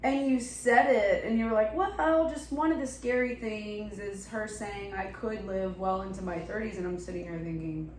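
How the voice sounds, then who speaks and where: Woman gently asking interview questions. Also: medium pitch, steady tone, moderate pace, few pauses, reverberant, a little hiss or hum, low-quality recording. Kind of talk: recorded interview.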